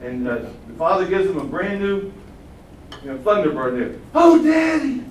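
An older man preaching a sermon, swinging from loud exclamations to quiet asides. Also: a little high, animated, normal speed. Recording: roomy sound from far off the mic, faint hum.

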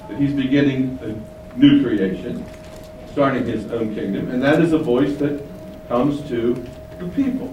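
Man preaching from afar, echoey hall. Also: a little hiss or hum. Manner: swings between emphatic rises and quiet low asides. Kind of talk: Bible teaching sermon. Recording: echoey room, voice from a distance.

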